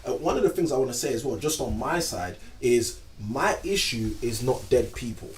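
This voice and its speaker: A man calmly explaining his side of the story, stressing points with a repeated "okay?". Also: medium pitch, moderate pace. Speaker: vlog co-host. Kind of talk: reflective couple chat. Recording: distant mic.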